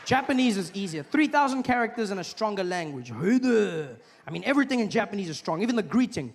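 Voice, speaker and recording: A man's voice: high-pitched, fairly quick, hardly any pauses, big-room sound. A man performing a stand-up comedy set in a live venue, acting out voices as he tells stories. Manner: animated, acts out other voices and accents. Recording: live stage recording with noisy ambience.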